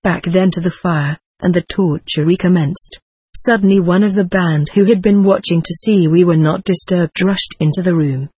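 A woman reads a first-person story aloud in a steady, dramatic way. Her voice is husky and somewhat low, recorded close in a dry room with no echo. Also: normal speed. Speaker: audiobook reader.

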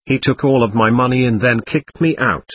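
A man reads aloud the lines of a quick-tempered, stubborn male spirit from a séance record, sounding defiant and threatening. His mid-range voice is a bit bright with a breathy edge.

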